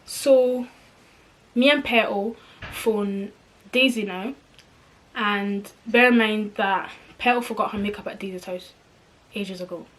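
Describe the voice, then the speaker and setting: A young woman vlogger retelling a personal story in a slangy, animated way, acting out the dialogue. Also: medium pitch, takes it slowly, pauses often.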